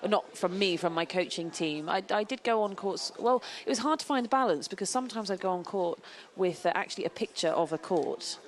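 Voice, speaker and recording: A woman's voice: medium pitch, lively intonation, brisk, hardly any pauses, a little hiss or hum. A woman who coaches and once played tennis, answering in a hesitant, self-correcting way in a studio chat. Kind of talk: studio sports punditry.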